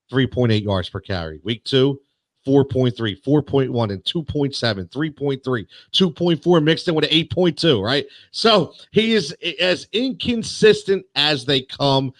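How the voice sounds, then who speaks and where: A man's voice: medium pitch, fairly bright tone, dry recording, clean studio sound. Rambling man talking fantasy football. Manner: rambling, many fillers and restarts. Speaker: podcast co-host. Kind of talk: casual sports chat.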